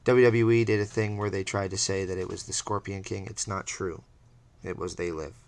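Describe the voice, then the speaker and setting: A man hosting a radio show who gives his opinions in a direct way. His voice sits low. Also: steady tone, normal speed. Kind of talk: scripted show commentary.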